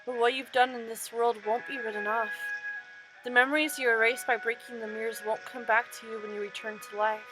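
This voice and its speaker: A woman voicing a solemn mirror world spirit that explains things in a measured way, reading aloud for a game playthrough. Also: a little high, level tone, music in the background, natural voice, low-quality recording.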